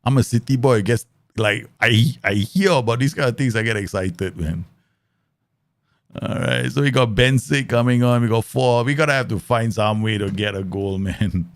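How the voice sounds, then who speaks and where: A man's voice: mid-range voice, normal speed, no echo, studio quality. A man, streaming a football manager game live, chatting with viewers and laughing often. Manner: animated, laughs often, mimics voices in stories. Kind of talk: live football manager gameplay commentary with chat.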